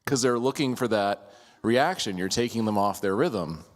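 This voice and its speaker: Low-voiced man telling a story in a hall. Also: moderate pace. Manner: hesitant, stammers and restarts, laughs easily. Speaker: group member sharing a story. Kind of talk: casual conversation.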